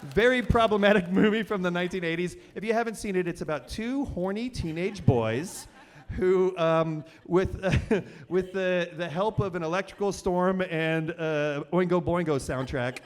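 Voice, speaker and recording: A man's voice: sits high, normal speed. A man hosting a live storytelling show, telling a funny personal story on stage with many fillers and restarts. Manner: rambling and self-deprecating, many fillers and restarts.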